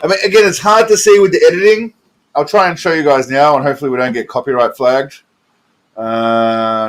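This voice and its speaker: A man's voice: medium pitch, a little fast. Rambling, chuckling man reacting to clips. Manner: rambling, profane, chuckling, goes off on tangents. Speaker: reaction video host. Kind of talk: casual commentary over clips.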